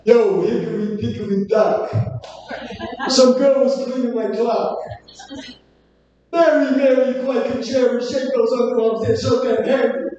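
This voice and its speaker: Brash, crude comedian rattling off rhymes as an older comic does him, boomy hall from far off. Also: male voice, steady tone, measured pace, pauses often, dark tone, muffled recording. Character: impression of a crude, brash male stand-up comic. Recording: echoey hall from far off, noisy crowd.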